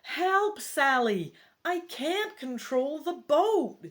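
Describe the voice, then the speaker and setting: A woman's voice: on the low side, sing-song, slow. A woman reading an earnest young adventurer. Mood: panicked. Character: young adventurer on a river quest.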